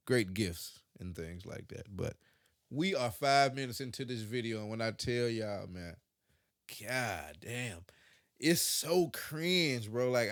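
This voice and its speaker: A man's voice: mid-range voice, clear, resonant tone, no room sound, studio quality. A man hosting a reaction video, giving casual, slangy commentary and laughing between remarks.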